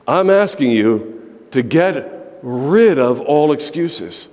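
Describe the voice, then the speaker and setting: A man's voice: medium pitch, expressive, takes it slowly, a little mellow. A male pastor preaching a sermon to his congregation in a church, emphatic and repetitive, building phrases for effect. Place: church sanctuary. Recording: long reverb of a large church.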